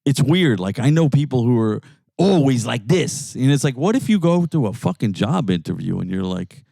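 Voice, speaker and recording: A man's voice: medium pitch, normal speed, gravelly, dry recording. A man from New York trades loose, profane banter as a podcast co-host. His voice sits in a middle register and he keeps slipping into mock voices. The sound is close and dry. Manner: animated, swears constantly, acts out voices. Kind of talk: casual profane banter in a car. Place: in a jeep.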